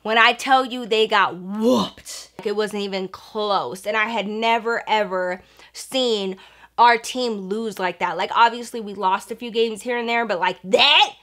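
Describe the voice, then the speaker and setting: A woman vlogger telling a casual story in an animated, chatty, profane way. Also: on the high side.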